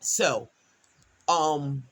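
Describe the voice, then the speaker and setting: This storytime vlogger is a middle-aged woman from Delaware, USA, whose low-pitched voice draws out her words. Casual and chatty, she recounts something from her own life, playing out people's quotes with loud, emphatic exclamations.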